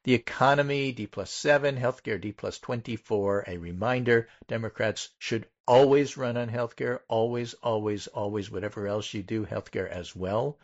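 A man's voice: lowish voice, highs cut off. A man hosting a casual political talk show, reading poll findings aloud and stressing each number in turn. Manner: methodical, pauses to stress numbers. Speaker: political podcast host.

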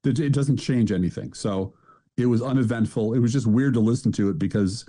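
A man's voice: medium pitch, a little fast, mellow. A man co-hosting a show in casual chat, with dry, sarcastic remarks. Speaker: show co-host.

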